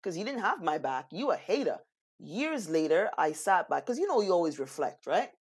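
Lady co-host, lowish voice, acts out the quotes in her stories, lively. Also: moderate pace, breathy edge. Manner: animated storyteller, acts out quotes. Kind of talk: casual chat.

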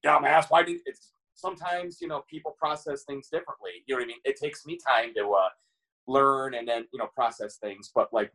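A man's voice: mid-range voice, poor audio. A man in a casual podcast chat, talking earnestly and filling his sentences with "you know".

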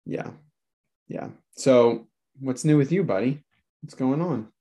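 A man in his thirties, chatting casually as a podcast co-host. He tells stories in a sheepish, self-deprecating way and drops swear words freely. His voice sits at an ordinary middle pitch for a man. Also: takes it slowly, warm tone. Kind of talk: casual chat.

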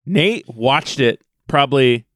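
A man co-hosting a casual podcast, telling stories quickly and laughing often. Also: medium pitch, expressive, very noisy. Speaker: podcast co-host.

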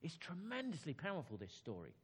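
A man preaching in a chatty, personal way. His pitch swings widely as he talks, and he keeps turning to his listeners with questions. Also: huge pitch swings, brisk, breathy edge. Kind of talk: sermon with read-aloud story.

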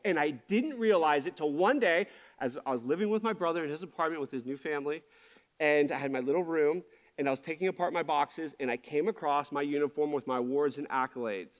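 A pastor with a notably high voice for a man delivers a candid sermon. He speaks in a confessional, self-searching way and keeps restarting his sentences as he works through his thoughts. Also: fairly bright tone.

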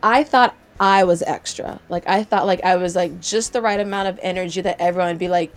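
A woman's voice: lowish voice, a little fast, hardly any pauses. A young woman from South Carolina in casual chat, telling a story with acted-out quotes and frequent laughter. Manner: animated storyteller, acts out quotes, laughs often.

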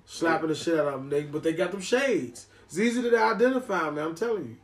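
High-voiced man telling a profane story. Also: lively intonation, quick pace, recorded from a distance. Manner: laid-back, profane storyteller. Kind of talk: casual chat, storytelling.

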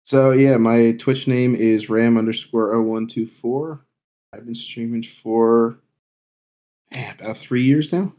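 A man's voice: medium pitch, fairly even intonation, slow, dark tone. A man talking plainly as a guest on a casual streaming podcast.

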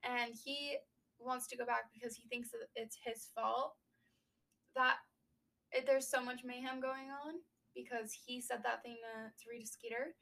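A young woman co-hosting a casual book podcast, recapping a chapter and riffing with quick asides. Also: a little high, fairly even intonation, creaky, sharp tone, distant mic, low-quality recording. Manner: chatty, recaps then riffs with quick asides. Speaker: book discussion podcast host.

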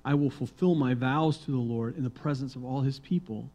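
A male pastor preaching a sermon, reading psalms aloud and swinging between hushed, quiet reading and loud, emphatic proclaiming. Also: medium pitch, a little fast, poor audio.

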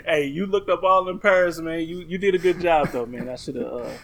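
A man's voice: fairly high pitch, a little fast, a bit bright. Joking man hosting a podcast. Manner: joking, storytelling. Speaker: podcast host. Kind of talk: casual chat.

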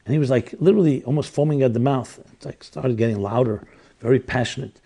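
A rabbi in his sixties who teaches classes tells a personal story in a lecture, speaking earnestly and reflectively and often restarting his sentences. His voice is warm and medium-pitched, with vocal fry, and he talks fast.

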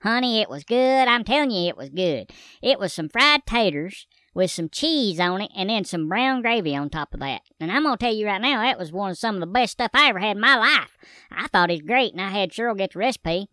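A woman's voice: mid-range voice, animated, brisk, pushed and bright, dry recording. A woman doing a folksy country man. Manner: rambling, homespun drawl. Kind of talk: comedy character monologue.

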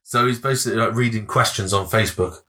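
A man's voice: on the low side, fast talker, sharp tone. A man chatting casually on a podcast, rambling, forgetful and sweary, laughing often. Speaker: podcast co-host. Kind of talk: casual chat.

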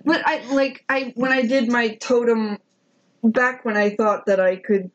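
A woman co-hosting a podcast, excitable and rambling, often laughing as she chats. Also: a little high, unhurried, highs cut off. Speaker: podcast co-host. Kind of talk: casual chat.

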